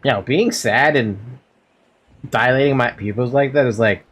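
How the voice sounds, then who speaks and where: Young guy streaming a game from his room, giggly and over the top, mid-pitched voice. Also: moderate pace, a bit bright, slightly rough. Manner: playful, giggly, melodramatic complaining. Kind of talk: casual game-stream chatter.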